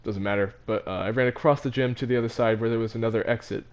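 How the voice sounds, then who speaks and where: A man's voice: medium pitch, steady tone, fast, darkish tone. Rambling teenage boy telling a story. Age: teens. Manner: rambling, self-mocking, frequent fillers and restarts. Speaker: vlogger. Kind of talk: casual storytelling.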